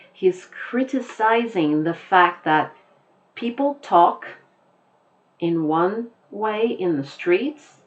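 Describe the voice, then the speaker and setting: A woman teacher giving a lecture on a poem, explaining slowly and rephrasing as she goes. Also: lowish voice, darkish tone, muffled recording. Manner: slow, explanatory, repeats and rephrases.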